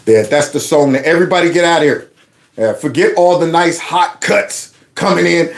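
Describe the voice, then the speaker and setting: A man's voice: a little high, lively intonation, moderate pace. A man hosting his own show, giving playful, mocking casual commentary on news clips. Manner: mocking, playful, acts out quotes. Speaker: host.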